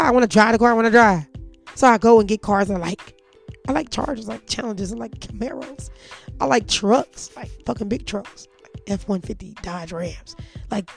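Her voice sits high and gravelly as this St. Louis, USA podcast host paces with a mic attached to her phone. She tells her stories candidly, bluntly and with plenty of profanity, all fired up.

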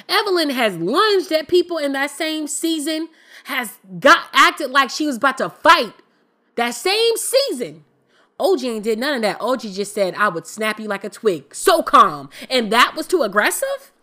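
A woman with a bright, clear voice talks straight into her own podcast. She is candid and emphatic and uses colloquial phrasing. Her delivery is relaxed but insistent. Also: high-pitched, a little slow. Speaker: podcast host. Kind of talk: casual opinion commentary.

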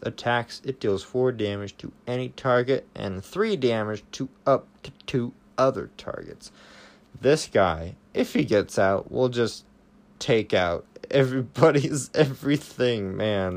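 This is a man reviewing trading cards in a relaxed, chatty monologue, sitting a little low in pitch. He is excitable, jumping up in volume at powerful cards and stumbling over his words before settling back down. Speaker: trading card game reviewer. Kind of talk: casual card review monologue.

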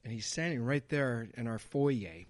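A young man tells a long story in loose casual chat, stopping and restarting often. His voice sits at a middle pitch. The sound is dry and close. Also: animated, normal speed, no echo. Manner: rambling anecdote with many restarts.

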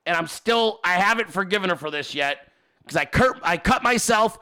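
High, bright-voiced man ranting. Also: moderate pace. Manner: animated, exasperated, heavy cursing. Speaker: podcast host. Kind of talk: profane storytelling rant.

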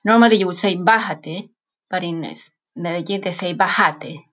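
A woman, a Spanish teacher, narrating a lesson, explaining phrases and repeating them slowly. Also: on the low side, fairly even intonation, heavy background noise. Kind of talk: scripted language lesson narration.

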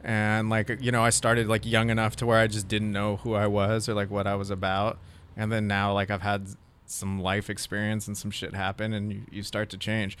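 A man's voice: lowish voice, monotone, normal speed, a bit bright, smooth. A young man, a comedian, chatting casually on a podcast in a loose, rambling way full of filler words and swearing.

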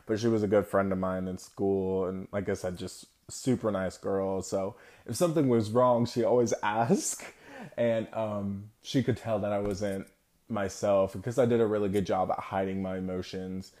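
A young man from the United States telling a personal story to his viewers, candid and reflective, with halting, broken-off phrasing. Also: fairly low pitch, steady tone, warm tone. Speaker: vlogger.

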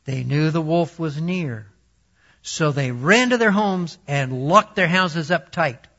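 A man reading a children's story aloud slowly and deliberately, and then teaching a Bible lesson. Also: fairly high pitch, expressive, a bit bright. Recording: dull lo-fi recording.

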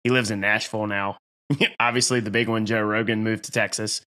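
A man hosts a relaxed podcast chat, his voice bright and forward. He laughs often while he tells stories. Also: lowish voice, fairly quick. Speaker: podcast host. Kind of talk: casual chat.

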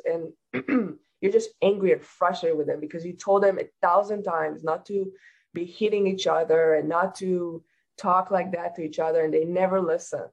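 A woman talking as a hypnotherapist guest in a casual interview, calmly explaining and giving practical advice. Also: sits low, lo-fi sound.

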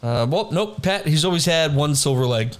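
A man's voice: a little high, animated, moderate pace. A young man co-hosting a casual chat, laid-back and rambling as he reads out trivia. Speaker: podcast co-host.

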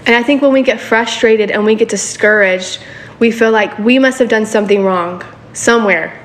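A woman's voice: fairly high pitch, moderate pace, slight background noise. A woman preaching a sermon in a casual, conversational way, often checking in with her listeners for agreement.

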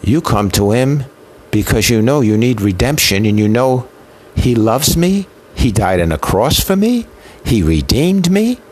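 A man's voice: mid-range voice, very animated, unhurried, darkish tone. A man preaching a sermon with an impassioned, emotional delivery built on rhythmic repetition. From Italian heritage.

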